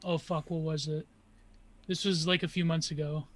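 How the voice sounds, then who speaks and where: A man from Canada chatting casually as a stream guest, excitable, swearing and using many fillers. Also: fairly high pitch, moderate pace, no room sound. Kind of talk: casual chat.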